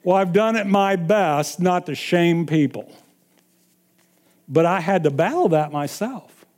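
A man's voice: high-pitched, animated, a little slow, a little mellow. A man preaching a sermon, emphatic and repeating his points with frequent chuckles.

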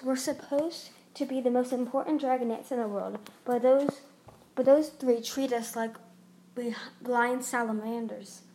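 A woman voicing a fierce, defiant young female dragon in a storybook reading, speaking loudly and pleadingly. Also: a little high, a little hiss or hum.

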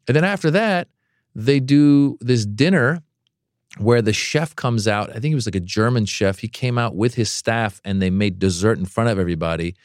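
A man, a comedian, telling a long story in a casual interview. He talks in an animated way and acts out other people's voices with big jumps in pitch. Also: moderate pace, no room sound, clean studio sound. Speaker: comedian guest.

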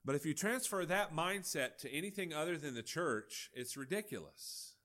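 A male pastor, preaching a folksy, animated sermon with acted-out dialogue. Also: fairly high pitch, moderate pace.

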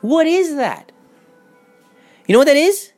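A young man in a heated, profane, casual rant. He repeats himself and swings between loud outbursts and muttering. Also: extremely high pitch, big pitch swings, unhurried, faint music behind. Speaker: vlogger. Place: home in Miami.

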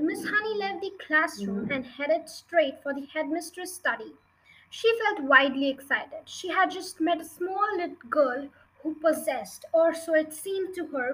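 A woman's voice: high-pitched, sharp tone, rough recording. A young woman reading a children's novel aloud for her podcast, casual, with small slips and restarts. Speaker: reader of a book podcast.

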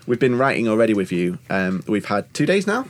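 A man's voice: fairly low pitch, sing-song. A man hosting a casual podcast, chatty and encouraging, chipping in often with questions. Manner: chatty, encouraging, quick to chip in. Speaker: podcast host. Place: outdoors-adjacent room in Germany, vehicles passing.

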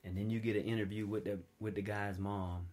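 A man preaching a sermon in a relaxed, conversational way, telling personal stories with big swings between loud high peaks and low quiet passages. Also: a little fast. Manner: informal storytelling, wide swings in pitch and loudness, drops low and quiet for stories.

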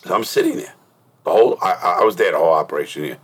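Middle-aged guy host, real deep husky voice, swears a lot, blunt stories. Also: lively intonation, very fast, fairly bright tone. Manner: blunt, profane storytelling. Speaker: podcast host. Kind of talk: casual interview chat.

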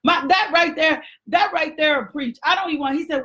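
A woman's voice: high voice, moderate pace, hardly any pauses, sharp tone. Fervent woman preacher, praying and preaching. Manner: fervent, repetitive, calls out to listeners; colloquial preaching with scripture reading. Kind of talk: sermon with prayer.

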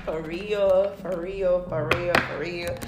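A woman's voice: lowish voice, fairly even intonation, slow, very noisy. Blunt, profane woman in an echoey room. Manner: profane, blunt and preachy, heavy swearing and repeated "okay?" and "period". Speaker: tarot reader addressing her followers. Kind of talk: casual spiritual tarot reading.

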